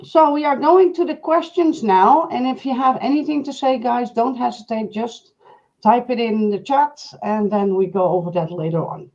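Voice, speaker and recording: A woman's voice: fairly high pitch, normal speed, a little mellow, muffled recording. A woman co-hosting a live Q&A, answering viewer questions in a direct, matter-of-fact way. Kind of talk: live stream Q&A.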